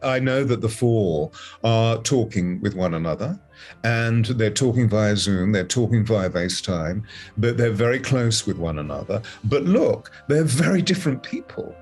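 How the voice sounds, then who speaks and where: A man's voice: lowish voice, lively intonation, normal speed, a little mellow, breathy edge, soft background music. A man commenting as a guest co-host, talking in an expansive, meandering way full of fillers. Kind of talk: casual commentary.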